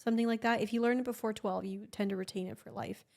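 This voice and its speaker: A woman's voice: a little high, steady tone, quick pace, vocal fry, a little mellow. A young woman from Argentina, native Spanish speaker, co-hosting a podcast and explaining things patiently. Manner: explains things patiently, thinks aloud with fillers. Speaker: podcast co-host. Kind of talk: casual chat.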